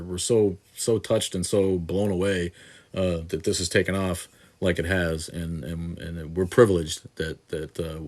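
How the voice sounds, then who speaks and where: This is a man in his sixties hosting a casual live Q&A stream. His voice sits low and deep. He rambles through viewer questions with frequent restarts and blunt swearing. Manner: rambling and profane, many restarts and fillers. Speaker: host answering viewer questions. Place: home studio in southeast Wisconsin.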